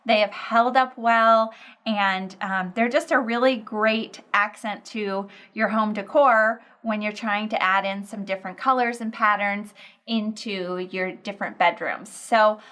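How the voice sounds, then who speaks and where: A woman's voice: mid-range voice, steady tone, a little slow, pushed and bright. Upbeat woman hosting a sewing lesson. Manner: upbeat, chatty, encouraging. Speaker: sewing instructor and show host. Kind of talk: friendly sewing tutorial.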